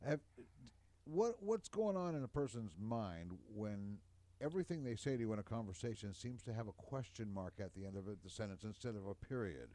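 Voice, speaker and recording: A man's voice: lowish voice, expressive, a little fast, warm tone, no echo. A male radio co-host who jokes and asks questions, sometimes mimicking other people's speech. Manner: jokey, mimics voices. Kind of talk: casual radio banter.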